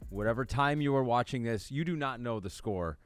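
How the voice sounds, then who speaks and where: A man's voice: mid-range voice, lively intonation, a little fast, faint music behind. A man co-hosting a casual football podcast who asks questions, reads the show's ad lines and chats about games. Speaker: podcast co-host.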